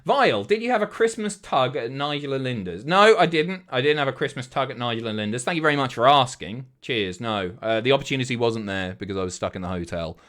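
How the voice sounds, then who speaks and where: A man's voice: medium pitch, lively intonation, quick pace, few pauses, fairly bright tone. A man in his thirties, a streamer chatting casually, sweary and self-mocking as he reads out viewer messages, a bit out of breath.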